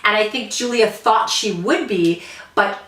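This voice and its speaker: A woman's voice: mid-range voice, a little slow, fairly bright tone, echoey room, recorded from a distance, low-quality recording. A woman co-hosting a TV chat show, recapping episodes earnestly with many restarts and emotional asides. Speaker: podcast co-host.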